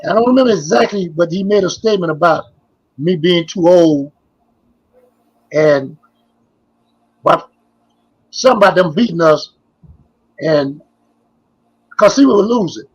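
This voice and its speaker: Older male guest, high husky voice, rambling anecdotes with lots of repeats. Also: animated, measured pace, pauses often, lo-fi sound. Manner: rambling, repeats phrases, trails off. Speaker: guest, former basketball player. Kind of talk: casual interview storytelling.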